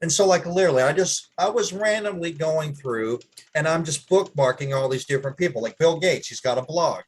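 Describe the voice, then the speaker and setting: A man's voice: fairly high pitch, brisk, husky. A man in casual chat on a video call, jumping in eagerly and ending phrases with "right?". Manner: eager, keeps asking "right?".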